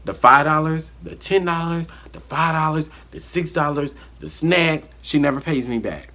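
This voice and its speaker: A man telling a casual storytime on his vlog, animated and acting out the quotes. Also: fairly high pitch, normal speed. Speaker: vlogger.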